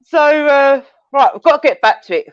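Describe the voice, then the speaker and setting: A woman co-hosts a podcast in casual conversation, her high, animated voice at a moderate pace. She's giggly and laughs often while telling a story. The recording is lo-fi with no echo.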